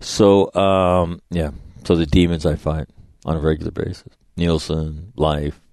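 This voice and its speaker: A man's voice: very deep voice, flat delivery, a little slow, darkish tone, no echo, studio quality. A middle-aged man hosting a podcast, giving a blunt, profane motivational monologue and acting out bits of dialogue in his stories. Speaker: podcast host.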